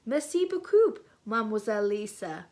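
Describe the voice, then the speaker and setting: A woman's voice: high-pitched, expressive, a little slow, a bit bright, pitched above the performer's own voice. Woman reading as a hesitant schoolboy. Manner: hesitant, unsure. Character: shy twelve-year-old English boy, nervous.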